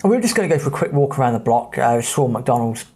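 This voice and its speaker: A man's voice: mid-range voice, big pitch swings, very fast, a little mellow, breathy edge. An English man in his thirties hosting a podcast, telling travel stories in a chatty, blunt way with British slang. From England. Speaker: podcast host. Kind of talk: casual travel storytelling.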